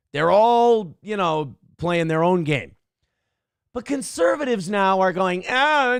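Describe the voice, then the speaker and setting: A man's voice: fairly high pitch, creaky, no room sound, clean studio sound. A male show host giving blunt, profane, mocking commentary on a livestream.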